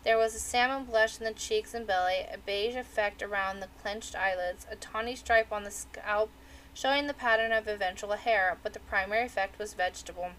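A woman narrating a novel aloud in a steady, measured reading. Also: mid-range voice, slight background noise, poor audio. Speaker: audiobook reader. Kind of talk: storybook narration.

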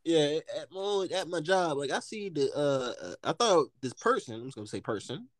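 A young man casually telling stories as a podcast co-host, in an animated, profane way, laughing often. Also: fairly high pitch, normal speed, dry recording, studio quality. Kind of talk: casual storytelling.

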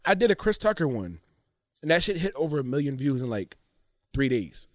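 A man in casual podcast chat, telling animated stories about his impressions. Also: mid-range voice, brisk, dry recording. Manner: animated storytelling, slips into voices.

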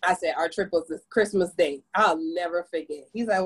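A woman in her forties from the Caribbean, a podcast guest telling her story in an animated, expressive way. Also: moderate pace, hardly any pauses, slightly rough, rough recording. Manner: animated, expressive storyteller with big pitch jumps. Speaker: podcast guest, business owner. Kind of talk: casual conversational storytelling.

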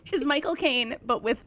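A woman hosting a casual chat, telling stories in a quick, animated way. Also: high voice, slight background noise. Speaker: podcast host.

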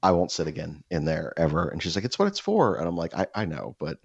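A man's voice: extremely low pitch, steady tone, fast, vocal fry, breathy edge, no room sound. A young man telling a rambling, profane story in casual podcast chat, full of fillers and restarts. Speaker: podcast host. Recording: dull lo-fi dry sound.

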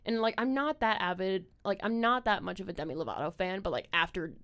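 A woman's voice: medium pitch, fairly quick, a bit bright. A young woman hosting a casual podcast chat, rambling and full of "like"s, swearing freely. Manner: rambling, filler-heavy with many "like"s, swears freely. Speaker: podcast host.

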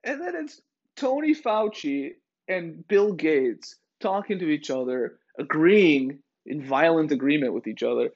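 A man hosting a podcast, ranting in a sarcastic, profane, rambling way full of fillers. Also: on the high side. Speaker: podcast host. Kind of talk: casual ranting monologue. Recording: dull lo-fi recording.

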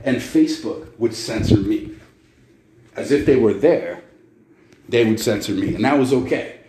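A podcast host rants angrily and sarcastically, swearing a lot, in a mid-range, slightly mellow voice. The room is echoey, with faint noise.

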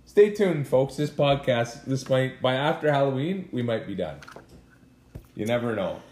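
A man co-hosting a podcast, chatting casually with his wife, teasing and joking with animated exclamations. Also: medium pitch, moderate pace. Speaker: podcast co-host. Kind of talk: casual bickering chat. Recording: echoey room.

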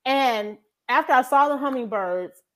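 A woman co-hosting a podcast, telling a faith testimony in a casual, animated way and acting out her own prayers as she goes. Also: high voice, unhurried. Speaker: podcast co-host.

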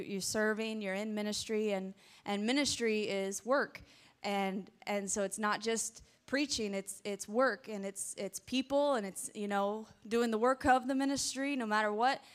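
Woman, guest preacher, fairly high and smooth voice, chatty and animated storytelling, handheld mic in church. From American South. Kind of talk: storytelling sermon. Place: church sanctuary before a congregation. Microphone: handheld microphone.

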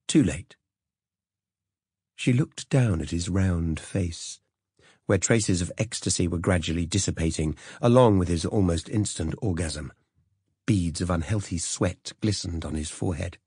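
A man narrating an audiobook in a measured storytelling manner. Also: low voice, expressive, darkish tone, breathy edge, dry recording, studio quality. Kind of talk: scripted narration.

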